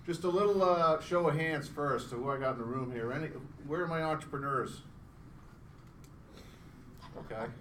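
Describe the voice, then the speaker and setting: Middle-aged male founder, casual self-deprecating live pitch; distant mic, faint hum behind. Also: normal speed, long pauses, fairly bright tone. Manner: chatty and self-deprecating, joking with the crowd. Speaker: startup founder presenting. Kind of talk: live pitch presentation to an audience. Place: event room with an audience. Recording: roomy sound from a distance, faint background hum.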